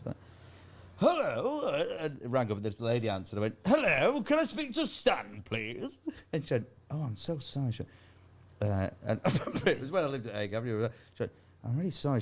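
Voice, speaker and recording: A man in his forties, a comedian telling rambling stories in casual chat and laughing at himself. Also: medium pitch. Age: 40s. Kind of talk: casual comic storytelling.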